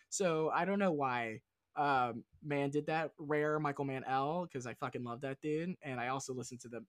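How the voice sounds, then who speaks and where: A man's voice: a little high, a bit bright, dry recording, studio quality. A man talking as a guest on a casual film podcast, rambling and swearing enthusiastically as he goes off on tangents.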